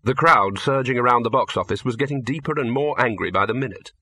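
A man narrating an audiobook in a lively, expressive way. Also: mid-range voice, quick pace, breathy edge, no echo.

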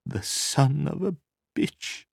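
A man doing a husky, nervous young woman. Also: on the high side, very animated, takes it slowly, dry recording, studio quality, pitched above the performer's own voice, full character voice. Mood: tense. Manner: tremulous, soft-spoken.

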